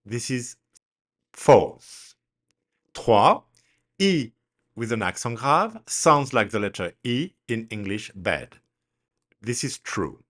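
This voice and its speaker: Man, French teacher, slow deliberate delivery, animated intonation, spells words letter by letter. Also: mid-range voice. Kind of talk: slow instructional pronunciation drill.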